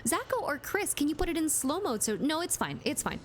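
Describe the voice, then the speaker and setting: A woman streamer with a fairly high voice that leaps all over the place, talking playfully and reading out chat while she plays. She speaks into a compressed streaming mic in a closed room at home. A faint hiss sits underneath. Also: big pitch swings, brisk. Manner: chatty, reads and answers chat, playful. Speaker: livestreamer. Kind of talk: casual live-stream chat while gaming.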